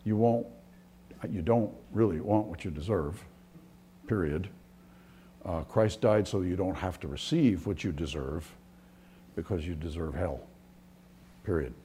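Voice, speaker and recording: A man's voice: low voice, measured pace, pauses often, dark tone, a little hiss or hum. A man preaching a sermon as a pastor, earnest and full of restarts, sometimes dropping to near-whispers.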